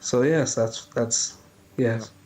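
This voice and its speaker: A man with a Southern American accent co-hosting a casual podcast, telling stories slowly and hesitantly with fillers. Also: mid-range voice, steady tone, a little mellow. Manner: slow storytelling, hesitant with fillers. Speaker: podcast co-host. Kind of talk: casual chat.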